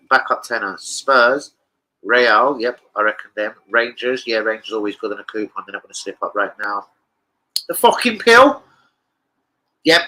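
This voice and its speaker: An excitable man chatting loosely to camera about his bets, swearing freely and jumping between thoughts. His voice is bright and forward, and he rambles on at a loose, casual pace. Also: fairly low pitch, poor audio. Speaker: football betting vlogger.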